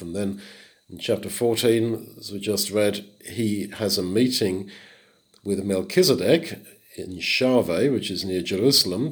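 A middle-aged man with a fairly low voice teaches from the Bible in a relaxed, conversational manner. He pushes his voice up sharply on the words he wants to stress. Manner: conversational, with emphatic rises on key words. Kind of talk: expository Bible talk.

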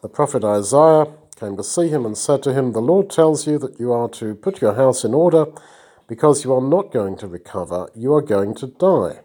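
A male Bible teacher reads and explains a Bible passage in an easy, conversational style, pausing to praise a listener. His medium-pitched voice is animated and warm, at a normal speed.

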